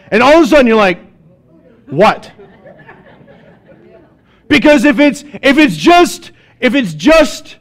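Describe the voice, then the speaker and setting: Animated pastor preaching a sermon. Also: male voice, very high voice, moderate pace, pauses often. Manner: conversational and animated, asking the congregation questions; acts out little scenes in quoted voices. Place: church sanctuary.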